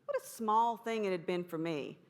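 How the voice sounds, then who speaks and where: A woman's voice: medium pitch, normal speed. A woman giving a conference talk, telling a story in a folksy, humorous way. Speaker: conference speaker.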